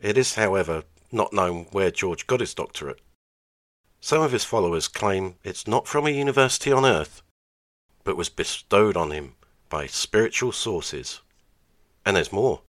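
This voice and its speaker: A man's voice: deep voice, animated, normal speed, fairly bright tone, no echo. A man narrating over archive clips, making sarcastic, dry asides.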